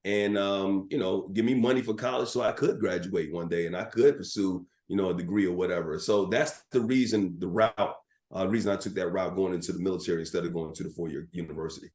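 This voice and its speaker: A middle-aged man, a sports broadcaster guesting on a podcast, telling animated anecdotes with plenty of filler words. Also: low-pitched, quick pace, hardly any pauses. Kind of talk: storytelling in a podcast interview. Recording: roomy echo.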